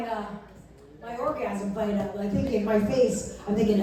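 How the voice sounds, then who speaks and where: A woman's voice: fairly high pitch, normal speed, crowd noise. A woman doing a stand-up comedy set on a club stage, bawdy and acting out both sides of her stories, laughing at her own jokes. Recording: very echoey club, recorded from far off.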